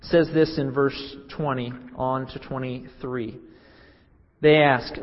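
A man's voice: mid-range voice, steady tone, takes it slowly. Repetitive, emphatic preacher man in a hall. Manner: repeats key phrases for emphasis, questions listeners directly. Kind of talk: sermon. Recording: dull lo-fi with long hall reverb.

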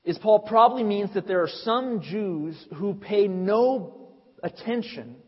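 A man preaching an expository sermon, swelling to emphatic peaks when he reads scripture and dropping low for asides. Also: unhurried, husky. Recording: dull sound in a reverberant hall.

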